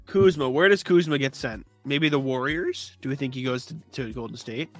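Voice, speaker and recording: A sniffly man co-hosting a casual sports chat, talking in a halting way and clearing his throat often. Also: mid-range voice, soft background music. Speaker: co-host of a sports talk stream.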